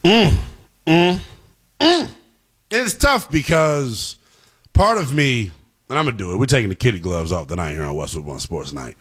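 A man's voice: fairly high pitch, animated, fairly quick, fairly bright tone. A man hosting a sports radio show, giving emphatic, fired-up commentary and talking straight to his listeners.

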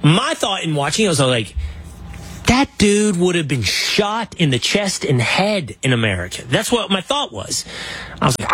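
A man hosts a political interview show, retelling events in an animated, opinionated way. His voice sounds husky and sits a little high. His pitch rises and falls widely as he talks. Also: normal speed. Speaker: show host.

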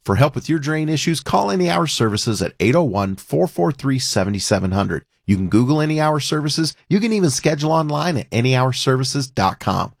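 Gravelly man reading a radio ad. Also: sing-song, brisk, few pauses, no echo, studio quality. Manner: upbeat sales pitch. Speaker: advertiser. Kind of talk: radio ad read.

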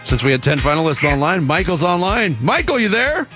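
Animated male sports radio host. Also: fairly high pitch, a little fast, faint music behind. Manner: lively, joking, animated.

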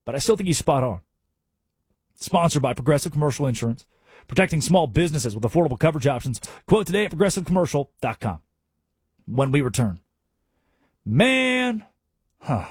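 A man hosting a sports talk radio show, delivering an energetic, emphatic and often sarcastic monologue from a studio. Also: a little high, brisk, long pauses, husky, no room sound.

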